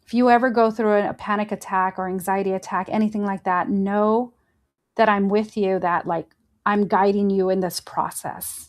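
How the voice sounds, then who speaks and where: A woman hosts a faith-based motivational podcast, speaking earnestly and encouragingly straight to listeners while gently guiding them through breathing exercises. Her voice sits mid-range, with fairly even intonation and normal speed.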